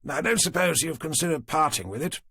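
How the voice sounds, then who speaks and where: A male reader puts on a gentle old English lord with a clipped upper-class accent. His voice is gravelly and husky, with lively rises and falls, and his humour is dry and self-mocking. The recording is close and dry. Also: fairly high pitch, fairly quick, dry recording, pitched above the performer's own voice, full character voice. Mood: genial. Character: kindly old aristocrat, clipped and wry.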